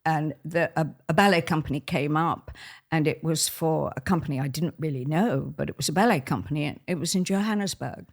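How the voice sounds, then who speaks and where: Gravelly older woman storyteller. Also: deep voice, brisk. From Australia. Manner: lively, expressive, laughs while telling stories. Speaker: guest, former ballet soloist. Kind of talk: anecdotal storytelling in conversation.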